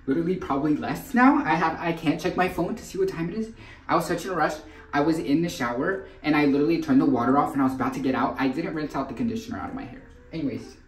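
A woman's voice: sits low, quick pace. A young woman vlogging in a casual, chatty way, with "literally" in every other sentence. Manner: chatty, says "literally" often. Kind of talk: casual vlog chat.

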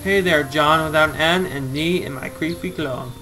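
A man giving casual, excitable running commentary while playing a game, talking to himself and swearing mildly. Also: a little high, moderate pace. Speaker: let's play host. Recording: clear music playing behind.

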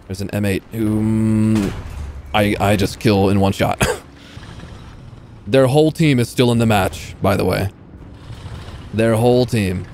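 Faint gunfire and vehicle noise from a tank game run behind this young YouTuber's lowish, slightly mellow voice. He narrates his play casually and live, mocking himself, cursing, and muttering to himself.

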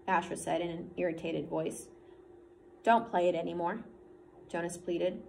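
A woman's voice: fairly low pitch, moderate pace, creaky, darkish tone. A woman teacher reading a novel aloud to her class, voicing the dialogue and stopping to check that students understand.

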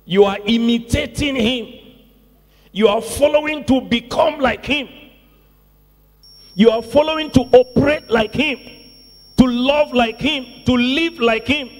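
This pastor's voice is very high, and he speaks a little slowly with frequent pauses. Preaching a sermon to his congregation in a church sanctuary, he leans on key words, repeats phrases, and calls out to those present, all under long church reverb.

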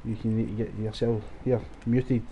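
A young Scottish gaming streamer gives live, rowdy commentary, swearing freely and bantering with his chat. His voice is fairly low, mellow, and flat in delivery at a normal speed, with a little hiss or hum on the recording.

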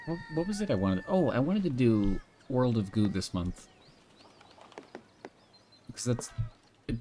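A young man with a lowish voice streams a game from home and talks to his chat in a loose, rambling way. He hops between stray thoughts while he plays. A faint hiss sits under the recording. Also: mellow. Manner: rambling, offhand, drifts between tangents.

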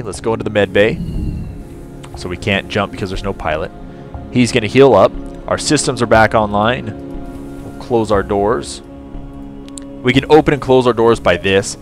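A man giving casual let's play commentary, chatting to his crew and breaking into excited outbursts. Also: on the low side. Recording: game music behind voice.

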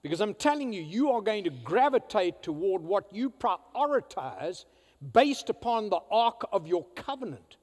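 High, lively-voiced preacher in a reverberant church. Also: male voice, moderate pace. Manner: emphatic, swinging from loud declarations to hushed asides. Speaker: pastor. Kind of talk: sermon. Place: church sanctuary.

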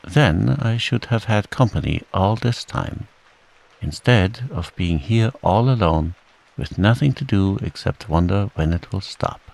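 A man's voice: on the low side, expressive, a little slow, vocal fry, a little mellow, exaggerated voice, rough recording. A man doing a timid little piglet. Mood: wistful. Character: tiny, timid young piglet.

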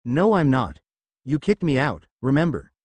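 A man's voice: medium pitch, very animated, moderate pace, darkish tone, dry recording. A man reading the lines of an arrogant teenage boy who believes he is a god, speaking with scorn and condescension in his own voice. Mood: contemptuous.

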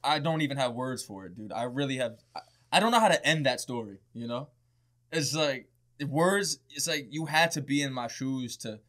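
A man's voice: mid-range voice, expressive, normal speed, fairly bright tone. A young man, a podcast guest, telling a wild story in casual, profane chat and often laughing.

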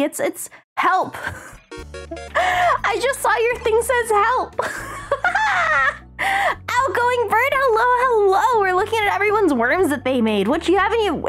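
A woman hosting a casual live stream, chatting in a bubbly, gushing way with lots of slang. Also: sits high. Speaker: streamer host.

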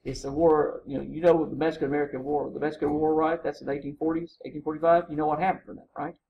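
A man's voice: on the high side, little pitch movement, very fast, vocal fry, dull audio, slight background noise. A man lecturing a college humanities class, telling stories casually and acting out quotes, with frequent "right?" to the students.

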